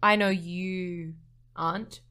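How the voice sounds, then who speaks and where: A woman co-hosting a podcast in casual chat, blunt and quick to swear. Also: fairly low pitch, fairly even intonation, sharp tone, clean tone. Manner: blunt, laughing asides, swears. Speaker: podcast co-host.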